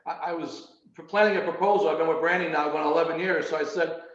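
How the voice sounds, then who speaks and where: A man casually telling a personal story on a video call, animated and repeating words as he goes. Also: a little high, fast talker. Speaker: meeting participant. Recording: roomy, muffled video call audio.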